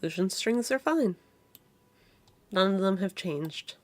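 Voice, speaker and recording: A woman narrating as game master of a tabletop game, describing scenes slowly with fillers. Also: medium pitch, expressive, darkish tone, dry recording.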